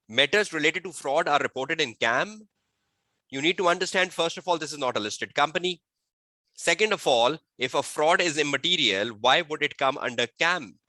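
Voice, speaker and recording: Guy teaching an exam webinar, bright crisp voice, dry close mic, keeps asking "right?" style questions. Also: on the high side, no echo. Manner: drills students with repeated rhetorical questions; slow, deliberate dictation of answer phrasing. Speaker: exam tutor.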